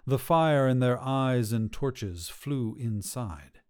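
Slow, hushed male storyteller. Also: mid-range voice, animated, smooth. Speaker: narrator. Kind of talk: storybook narration.

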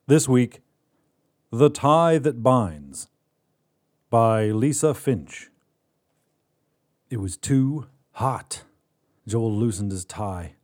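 A man hosting a fiction podcast, reading a short story in a measured way that drops quiet on sad moments. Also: fairly low pitch. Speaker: podcast host and narrator. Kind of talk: scripted story narration.

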